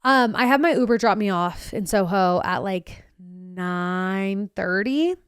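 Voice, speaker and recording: A young woman hosts a podcast, delivering a casual storytelling monologue that's sarcastic, bubbly, and chatty, quoting herself and others in animated voices. Her mid-range voice is slow, clear, and resonant, recorded dry at studio quality.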